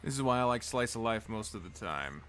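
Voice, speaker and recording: A man's voice: on the low side, sing-song, fairly quick, a bit bright, slight background noise. A man casually commenting on a game during a live stream, joking, laughing and swearing freely.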